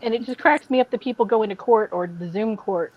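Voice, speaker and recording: A woman hosting a casual podcast chat, telling animated stories and laughing along. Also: medium pitch, quick pace, lo-fi sound. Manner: animated storyteller, mimics people she describes. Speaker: podcast host.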